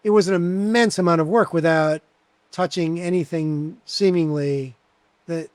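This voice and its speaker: A man around sixty, a bartender guest telling animated stories in a casual interview, with plenty of fillers. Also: on the high side, unhurried, no echo. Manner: chatty, animated anecdotes with many fillers.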